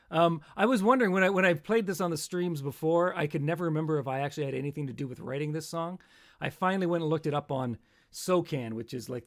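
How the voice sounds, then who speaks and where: A man with a notably high speaking voice, chatting loosely on his live stream as a musician. He rambles and pokes fun at himself, tossing in quick asides while he talks. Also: vocal fry. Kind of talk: casual live-stream chat.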